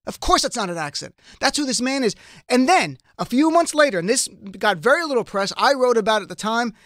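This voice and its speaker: With a very high, sing-song voice that's fast and fairly bright, an American radio host pushes a passionate, emphatic political case full of rhetorical questions. The studio-quality sound has no echo.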